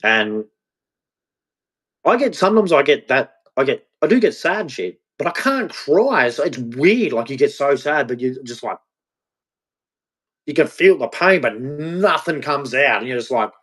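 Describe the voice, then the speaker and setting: A man in a confessional vlog monologue, speaking in a halting, repetitive way and swearing freely. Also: mid-range voice, sing-song, a bit bright, slightly rough. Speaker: vlogger.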